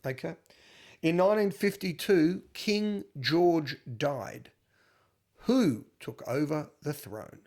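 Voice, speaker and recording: A man's voice: on the high side, expressive, slow pace, darkish tone. A man co-hosting a podcast, casually teasing his co-host as he runs a trivia quiz. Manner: teasing, quizmaster. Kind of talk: casual banter.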